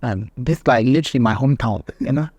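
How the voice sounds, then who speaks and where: A man's voice: mid-range voice, fast talker, darkish tone, husky, no echo, muffled recording. Easygoing British man, dry close sound. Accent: British English softened by years of speaking Malay. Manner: easygoing, laughs often, many "you know"s. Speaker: food blogger guest. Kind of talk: casual podcast chat.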